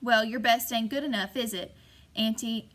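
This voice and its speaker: Woman doing a bossy old crone, harsh shrill voice, rural drawl, storybook reading. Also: moderate pace, fairly bright tone, lightly acted. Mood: demanding. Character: mean old backwoods woman, scolding.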